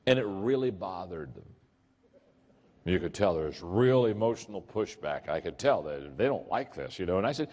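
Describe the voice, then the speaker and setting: A man giving a leadership keynote, telling stories in an animated way and acting out the quotes. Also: fairly low pitch, normal speed. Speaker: leadership speaker. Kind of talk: keynote storytelling. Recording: echoey hall.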